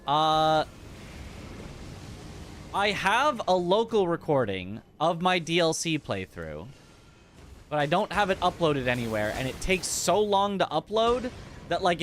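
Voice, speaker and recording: A man's voice: on the high side, fairly bright tone, a little hiss or hum. A young man streaming a game, chatting casually with his chat, laughing often and musing aloud about how words are pronounced. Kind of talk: casual livestream chat while gaming.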